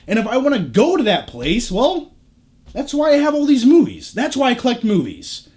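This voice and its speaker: A man with a fairly high, slightly mellow voice whose pitch swoops wildly up and down gives a chatty tour of his home theater room at a moderate pace. He tosses in joking asides and casual swearing, sounding close and clear on a camera shotgun mic.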